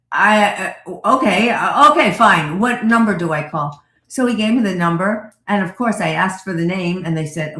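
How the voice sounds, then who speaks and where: A woman therapist telling a lively personal story as a radio guest, acting out the voices of the people she quotes. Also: mid-range voice, echoey room. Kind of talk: animated storytelling in an interview.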